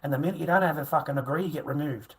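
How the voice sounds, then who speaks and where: On a livestream, a middle-aged man delivers a crude rant, swearing nonstop and taunting his viewers. His voice is a little high and a bit bright, he talks at a racing clip, and the recording quality is low.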